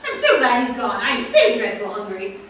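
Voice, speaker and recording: A woman's voice: fairly high pitch, wildly swooping pitch, moderate pace, a bit bright. An actress playing an affected, fragile, self-pitying young lady on a theater stage, with a swooning sing-song manner. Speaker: actor in a play reading. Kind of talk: stage play reading. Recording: very echoey theater, distant mic, clear hiss.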